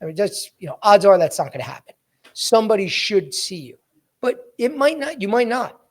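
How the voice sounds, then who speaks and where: High-voiced blunt podcast coach. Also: male voice, lively intonation, a little fast. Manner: blunt, repetitive, addresses listeners as guys. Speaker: podcast host and sales coach. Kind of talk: energetic coaching talk.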